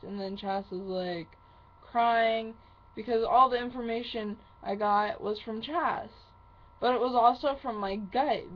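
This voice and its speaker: Woman vlogger, angry profane rant, slow and halting, muffled lo-fi audio. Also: medium pitch. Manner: heavy swearing, slow halting phrasing. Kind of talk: angry venting monologue to camera.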